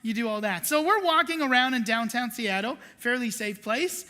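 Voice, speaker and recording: In a reverberant church sanctuary, a woman pastor preaches a sermon at normal speed, her slightly high voice carrying a sharp tone. She tells a story with self-deprecating humor, acting out the quotes.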